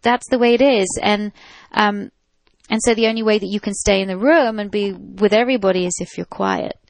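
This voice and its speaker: Chatty woman with a gravelly edge. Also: mid-range voice, steady tone, a little fast, no echo. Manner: chatty, practical, with many fillers and restarts. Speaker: dog trainer answering listener questions. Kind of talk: radio call-in advice chat.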